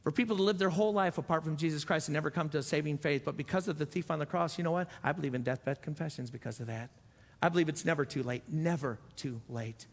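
A man's voice: fairly high pitch, quick pace. A man preaching a sermon as pastor, earnest and repeating phrases for emphasis. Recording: echoey church hall.

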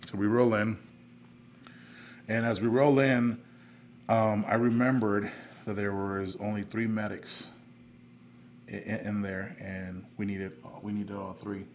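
A man's voice: on the low side, flat delivery, unhurried, pauses often, a little hiss or hum. A man, an army veteran guest on a podcast, telling a personal story in a candid, plainspoken way with frequent fillers.

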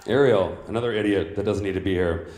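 A man's voice: sits low, fast, darkish tone, close to an everyday voice. A man playing a smug, crude macho villain. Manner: brash, crude, insulting, smug. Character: boastful, crude, vain macho male villain hunter. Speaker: roast comedian in character. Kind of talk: live stand-up roast. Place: comedy club stage. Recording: roomy club sound.

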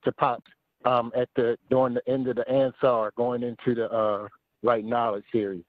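A man of middling pitch speaks deferentially as a caller, saying yes sir and repeating the host's words. His voice is dry and comes through a narrow, phone-like line. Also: level tone, moderate pace, no echo. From Philadelphia. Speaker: caller, follower.

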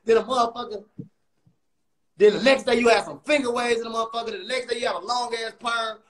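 A man hosting a comedy livestream, throwing loud, mocking, profane insults at another guy. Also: extremely high pitch, steady tone, fast talker, low-quality recording. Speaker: comedian host.

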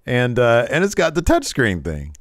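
A man's voice: mid-range voice, huge pitch swings, moderate pace, no room sound, clean studio sound. A man co-hosting a wrestling podcast, recapping the show in casual chat, laughing often and joking around. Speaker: podcast co-host.

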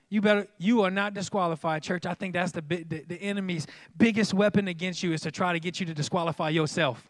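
A man's voice: sits high, steady tone, fast talker, hardly any pauses, no room sound. A man preaching a sermon as pastor, emphatic and folksy, repeatedly calling out to the congregation.

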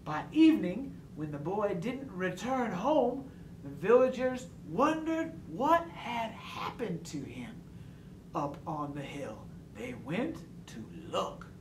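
A man reading a short children's story aloud in an expressive, sing-song way. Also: high-pitched, takes it slowly. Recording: roomy distant mic, faint background noise.

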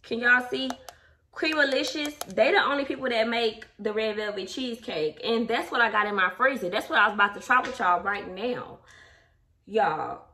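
A woman's voice: fairly high pitch, moderate pace, pushed and bright. A young adult woman chatting casually with her viewers at home, open and emotional. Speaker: vlogger. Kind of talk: casual vlog chat. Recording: distant mic, faint background noise.

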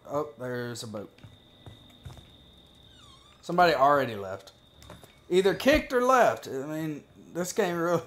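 A man giving casual, profane gameplay commentary as a gaming video creator, joking and talking to himself as he plays. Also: a little high.

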